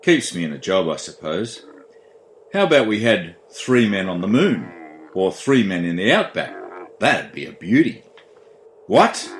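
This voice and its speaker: A man's voice: lowish voice, reverberant, a little hiss or hum, rough recording. A man hosting a comic radio show, announcing in a dry, self-mocking way.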